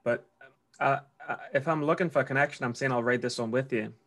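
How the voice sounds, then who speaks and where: A man's voice: mid-range voice, fast talker, a bit bright. A man with a Geordie accent, a trader talking casually and rambling with restarts. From North East England. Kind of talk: casual conversation.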